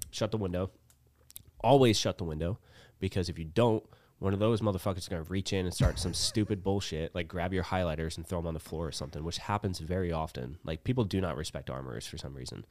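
A man, telling a story as a guest in a casual chat, animated and swearing freely as he acts out the dialogue. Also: sits low, fast, dry recording. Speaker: podcast guest.

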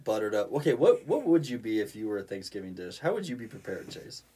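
A man's voice: fairly low pitch, sing-song, fast, warm tone, husky. A man with a Colorado accent co-hosting a podcast, playful and stretching words out for effect. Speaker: podcast co-host. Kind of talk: casual podcast banter.

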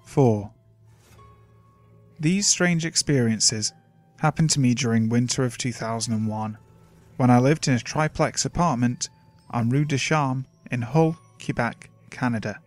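Male narrator, middle pitch, measured horror-story reading, soft music bed. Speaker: narrator of submitted stories. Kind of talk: scripted narration of horror stories. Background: faint music.

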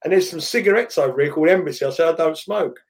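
A middle-aged man from England spins a long anecdote in a relaxed, rambling way, often starting a sentence over. His voice sits a little higher than most men's. He sounds like a podcast co-host chatting casually. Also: fast. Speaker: podcast co-host, betting pundit. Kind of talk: casual storytelling chat.

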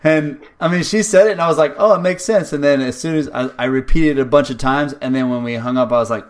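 A man hosting a casual interview over a video call, easygoing and quick to laugh. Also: medium pitch. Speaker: podcast host.

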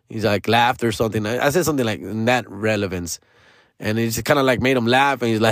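Slangy storyteller, dry close sound. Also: male voice, on the low side, fast talker, a bit bright, no echo. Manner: slangy, rambling, peppered with "dog" and "fool". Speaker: stand-up comedian telling a story. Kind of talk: casual storytelling.

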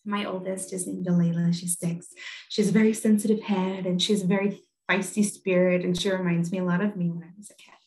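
A woman's voice: on the low side, fairly even intonation, quick pace, darkish tone, reverberant. A woman in her thirties giving a talk on parenting, telling a personal story in a candid, conversational way with frequent fillers and restarts.

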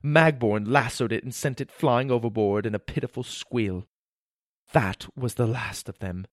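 A man's voice: medium pitch, normal speed, no echo, clean studio sound. Man narrating an adventure storybook. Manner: animated, voices sound effects.

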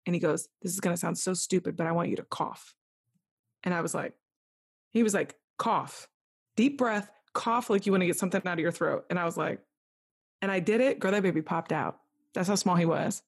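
A woman's voice: on the low side, fairly quick, breathy edge. A young woman candidly retelling a personal story as a podcast guest, acting out what others said to her. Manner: candid, vivid retelling with quoted dialogue.

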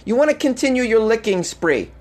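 A man's voice: very high voice, big pitch swings, fairly quick, a little mellow. A man hosting a comedic news podcast, reading odd stories aloud and mocking them with sarcastic asides and frequent laughs. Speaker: podcast host.

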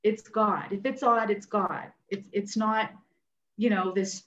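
Woman guest, nurse practitioner, animated storyteller; muffled, roomy recording. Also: mid-range voice, takes it slowly. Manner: animated, acts out what others said. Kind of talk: personal storytelling in an interview. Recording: roomy, dull sound.

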